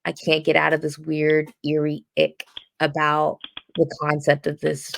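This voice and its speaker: A woman's voice: sits low, completely flat delivery, unhurried, vocal fry, slight background noise. A woman chatting casually on a podcast, rambling through lots of fillers and laughing often. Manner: giggly, rambling with many fillers. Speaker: podcast co-host. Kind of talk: casual chat.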